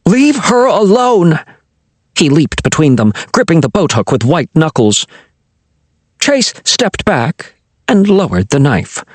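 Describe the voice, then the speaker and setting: A man's voice: a little high, unhurried, slightly rough, dry recording. A man narrating a children's fantasy novel as an audiobook, telling it expressively. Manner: expressive storytelling.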